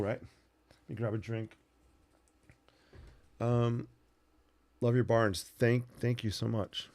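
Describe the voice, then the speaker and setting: A man's voice: sits low, vocal fry, darkish tone, dry recording. A man hosting a casual sketching livestream, rambling easily while he paints and answers viewers. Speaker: art livestream host.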